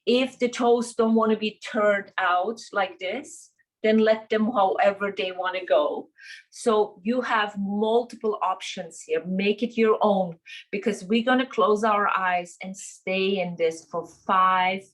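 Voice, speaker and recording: A woman teaching a yoga class, gently cueing breaths and poses while she demonstrates them. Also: mid-range voice, fairly even intonation, takes it slowly, poor audio. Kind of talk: guided yoga class instruction. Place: studio class recorded on video.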